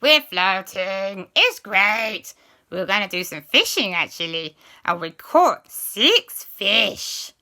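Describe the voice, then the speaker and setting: A woman voicing an excitable male talking egg with loud, breathless exclamations. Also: mid-range voice, takes it slowly, full character voice. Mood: excited.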